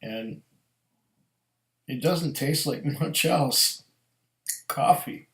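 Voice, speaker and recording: A middle-aged man reviewing whiskey in a slow, musing, storytelling way. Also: mid-range voice, fairly bright tone. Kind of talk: casual tasting review. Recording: echoey room.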